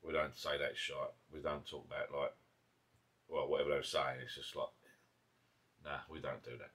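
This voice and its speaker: Husky low-voiced Essex man chatting. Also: steady tone, normal speed, fairly bright tone. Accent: Essex English. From Essex, England. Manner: rambling, chatty, self-interrupting. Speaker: vlogger. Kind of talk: casual chat over beers. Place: garden pub shed. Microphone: camera mic.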